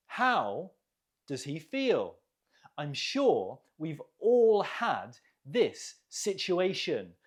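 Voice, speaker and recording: A man teaching an English vocabulary lesson, explaining words clearly and asking learners questions to repeat. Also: on the high side. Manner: clear, lively teaching delivery with rising questions.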